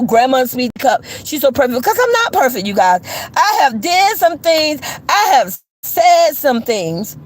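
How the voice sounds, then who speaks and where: A woman, chatting with livestream viewers and telling stories in a lively way, laughing often. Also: sits high, low-quality recording. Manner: animated, chatty, laughs often, addresses viewers as "you guys". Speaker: YouTuber on a livestream. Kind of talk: casual livestream storytelling to viewers.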